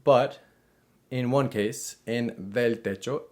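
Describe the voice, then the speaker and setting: A man hosting a language lesson, explaining grammar and slowing down to model example sentences, with small restarts as he rephrases. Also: medium pitch. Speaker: Spanish teacher, channel host.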